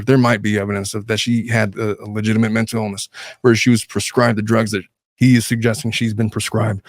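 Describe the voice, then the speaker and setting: A man's voice: lowish voice, no echo. A man giving casual commentary on an interview clip, exasperated and rambling with fillers. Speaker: legal commentator.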